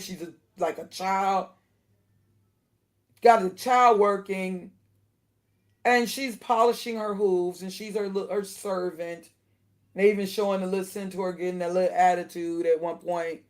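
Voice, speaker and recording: A woman giving casual spoken commentary to her viewers, indignant and animated, laughing between her points. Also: medium pitch, a little slow. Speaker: video commentator.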